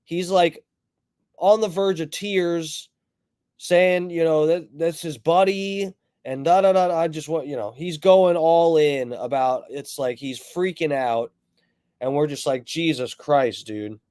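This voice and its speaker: A man hosting a livestream, telling a story in a rambling, profane, animated way and greeting viewers in chat as he goes. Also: fairly high pitch, unhurried, smooth, no echo, clean studio sound. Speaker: livestream host.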